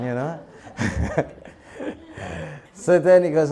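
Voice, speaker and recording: Animated man telling a story. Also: fairly high pitch, normal speed. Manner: animated, laughs often, bursts into shouted prayers. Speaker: monk preacher. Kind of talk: storytelling talk. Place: temple talk in Australia.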